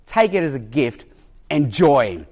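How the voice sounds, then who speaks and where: Man voicing a village barber, calm, generous, repeating, lively intonation. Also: medium pitch, a little slow, husky. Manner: calm, repeats the same kind offer.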